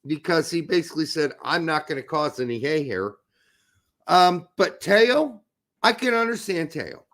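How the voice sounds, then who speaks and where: A man with a strikingly high voice and a rough, gravelly edge holds forth on a casual sports podcast. His rant is thick with profanity and keeps boiling over into sudden, heated outbursts. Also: big pitch swings, normal speed, a bit bright. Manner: profane, ranting, explosive outbursts. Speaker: podcast co-host.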